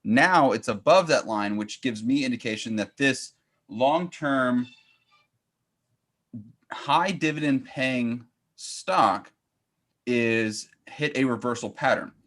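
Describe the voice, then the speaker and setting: A man coaching trades, calmly walking through a chart step by step in casual chat. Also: mid-range voice, slow pace, pauses often. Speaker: trading coach.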